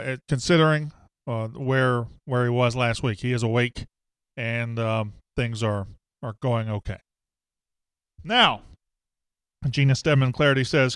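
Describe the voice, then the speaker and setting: A man's voice: medium pitch, fairly bright tone, clear, resonant tone, no echo. Chatty man hosting sports talk. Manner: rambling, self-deprecating, reads viewer comments aloud. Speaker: sports show host. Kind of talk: casual live-stream sports talk.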